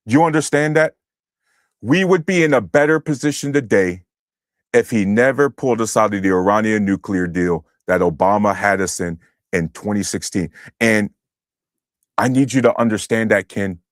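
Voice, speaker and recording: A young man streaming to his chat, ranting in a heated, profane way and often shouting. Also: medium pitch, no room sound, studio quality. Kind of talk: heated political livestream rant.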